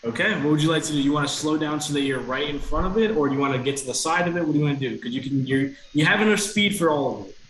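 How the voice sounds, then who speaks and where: A man's voice: a little high, very fast, hardly any pauses, fairly bright tone, echoey room, a little hiss or hum, rough recording. A man running a tabletop game as game master, walking players through actions step by step.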